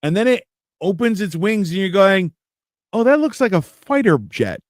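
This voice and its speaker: A man hosting a live stream, telling animated anecdotes and acting out the lines of the people in them. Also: high voice, normal speed, no echo, studio quality. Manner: animated anecdotes with acted-out quotes. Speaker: podcast host. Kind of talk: casual chat. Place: Toronto area.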